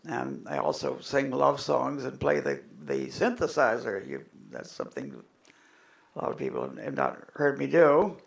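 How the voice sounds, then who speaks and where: A man in his seventies, a folksinger giving a comic lecture in a rambling, chuckling, halting way. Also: medium pitch, huge pitch swings, creaky. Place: hall with a live audience. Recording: echoey room with music.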